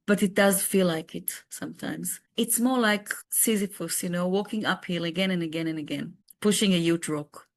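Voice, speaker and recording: A woman's voice: lowish voice, moderate pace, few pauses. A woman from Israel, a peace activist guest on a podcast, speaking earnestly and searching for words with frequent restarts. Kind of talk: casual podcast conversation.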